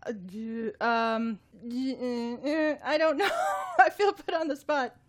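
A woman co-hosting a casual chat, playful and teasing. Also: sits high. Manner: playful, teasing, quick to laugh. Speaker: podcast co-host.

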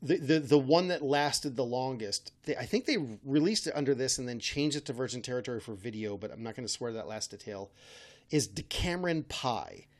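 A man's voice: mid-range voice, expressive, fairly quick. Rambling, wry man chatting. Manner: rambling, self-correcting, wry. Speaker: podcast host. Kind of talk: casual chat.

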